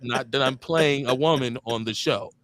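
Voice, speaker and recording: A man's voice: mid-range voice, normal speed, a bit bright. A man hosting a live talk show, joking, streetwise and profane in casual banter. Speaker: host.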